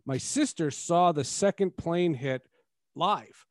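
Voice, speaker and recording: A male podcast host with a slightly high voice, talking in a casual, rambling way. The recording is dry and close, with no room sound. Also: takes it slowly, dry recording. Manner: rambling, restarts mid-thought. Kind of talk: casual interview chat.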